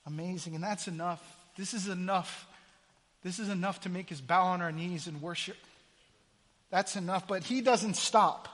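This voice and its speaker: High-voiced preaching man in a reverberant hall. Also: normal speed. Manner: impassioned preaching, swinging between quiet intensity and loud exclamation. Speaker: pastor. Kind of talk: sermon.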